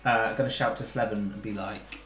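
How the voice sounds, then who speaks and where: A man's voice: on the low side, steady tone, brisk, a bit bright. A man playing a tabletop game, hesitant, with many ums and restarts while he declares his moves. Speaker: player. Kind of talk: casual tabletop game play. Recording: roomy echo with faint music.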